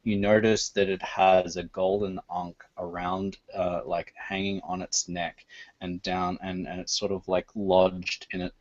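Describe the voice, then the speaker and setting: A man's voice: deep voice, little pitch movement, unhurried, no room sound, muffled recording. A man as game master of a tabletop game, narrating hesitantly with many fillers over a voice call.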